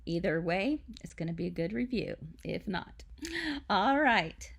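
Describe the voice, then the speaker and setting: Chatty woman with a gravelly voice. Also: on the low side, lively intonation, unhurried. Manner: chatty and confiding, lots of asides. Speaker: quilt shop host. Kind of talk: live craft tutorial. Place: at home.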